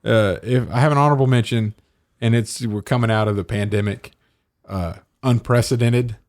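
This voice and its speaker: A man's voice: on the low side, normal speed, a little mellow. A man co-hosting a casual podcast chat, joking and playing with words. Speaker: podcast co-host.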